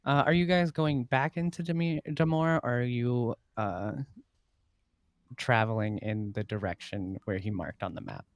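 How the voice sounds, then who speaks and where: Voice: medium pitch, fairly even intonation, moderate pace, no room sound. A game master casually narrating a tabletop game, voicing characters and laughing along.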